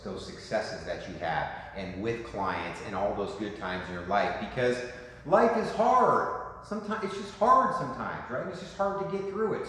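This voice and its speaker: A man in his fifties coaching a room of real estate agents in a lively, joking way, asking "right?" often. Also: low voice. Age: 50s. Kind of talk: talk to a room. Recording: echoey hall with faint noise.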